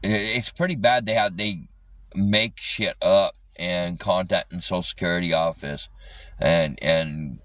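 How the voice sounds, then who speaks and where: A man's voice: deep voice, fairly even intonation, measured pace, bright, forceful tone, no room sound, recorded from a distance, poor audio. A man ranting angrily on a live stream, swearing constantly and repeating himself. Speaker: livestreamer.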